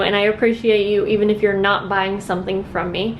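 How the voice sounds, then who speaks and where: A woman's voice: medium pitch, fairly even intonation, fairly quick, hardly any pauses, slight background noise. A young woman vlogging from home about her handmade journals, chatty and earnest, rambling between thoughts. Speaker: craft vlogger. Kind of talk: casual chat to camera.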